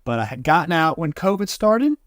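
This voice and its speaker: A man's voice: a little high, fairly quick, dry recording. Chatty young man, dry close sound. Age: 20s. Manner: friendly, chatty, relaxed. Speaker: interview guest. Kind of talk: casual interview chat. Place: aboard a sailboat.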